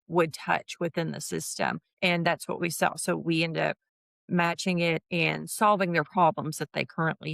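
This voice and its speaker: Woman in her fifties, gravelly, low-pitched, chatty, dry close sound. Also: a bit bright, dry recording. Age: 50s. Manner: chatty, acts out quoted dialogue, laughs often. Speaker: guest, HR consultant. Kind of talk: casual interview chat.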